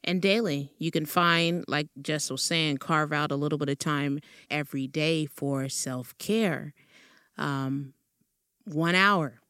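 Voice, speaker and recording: A woman's voice: deep voice, slow, fairly bright tone, clear, resonant tone, dry recording, clean studio sound. A woman hosting a podcast, talking in an encouraging, churchy cadence. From American South. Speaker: podcast host. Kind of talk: casual chat.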